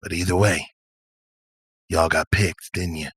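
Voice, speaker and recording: A man's voice: low-pitched, fairly even intonation, unhurried, a bit bright, slightly rough, dry recording, studio quality, pitched below the performer's own voice, full character voice. A man voicing an easygoing male mind-reader who loves to jam and talks in a drawling, probing way.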